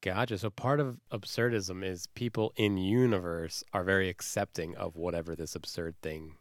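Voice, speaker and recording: A man's voice: low-pitched, steady tone, normal speed, no echo. A man hosting a casual chat, summarizing points and asking the next question.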